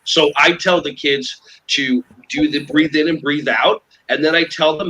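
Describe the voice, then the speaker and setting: A man, a children's yoga teacher, talking as a guest in an animated conversational way, acting out quoted dialogue with emphasis. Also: fairly high pitch, measured pace, slight background noise, rough recording.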